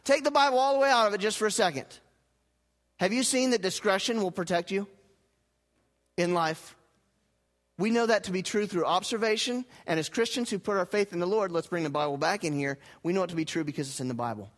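A male pastor preaching a sermon, putting questions to his congregation and asking them to repeat lines back, swinging from loud emphatic lines to low, quiet ones. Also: brisk. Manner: rhetorical questions and call-and-response with the congregation.

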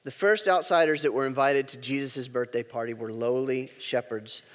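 A man's voice: mid-range voice, normal speed, long reverb tail. A pastor preaching a sermon, emphatic and repeating key words, leading his congregation to say lines back.

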